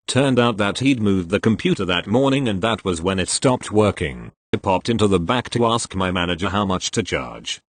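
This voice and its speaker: A man's voice: on the low side, animated, moderate pace, few pauses, no room sound. A man reading tech-support stories aloud with a dry storytelling delivery, giving quoted lines small voice shifts. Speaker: narrator reading posts aloud.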